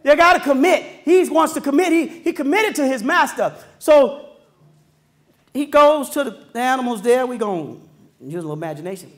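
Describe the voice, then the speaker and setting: A male preacher delivers a sermon with a very high-pitched voice. He preaches emphatically, trades call-and-response with his listeners and climbs to shouted peaks. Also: expressive, a little fast.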